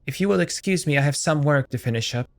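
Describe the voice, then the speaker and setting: A man's voice: a little high, lively intonation, quick pace, voice pushed up. A man doing a fretful woman waiting for her husband. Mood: worried. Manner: gentle, polite and fretful.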